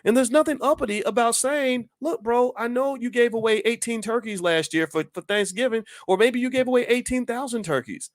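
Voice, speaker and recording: Hosting his own channel, a man gives an impassioned opinion monologue packed with emphatic rhetorical questions. His voice is extremely high and fairly quick, with few pauses. The sound is clean studio audio with no room sound.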